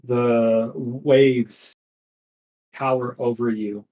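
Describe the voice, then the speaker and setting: A man narrating a tabletop game as game master, setting the scene in a deliberate, descriptive way. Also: medium pitch, fairly even intonation, dark tone, poor audio.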